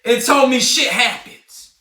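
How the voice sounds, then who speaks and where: A man in a heated, confrontational livestream rant, often shouting. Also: very high voice, unhurried, distant mic. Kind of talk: ranting livestream monologue. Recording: roomy, off-mic sound.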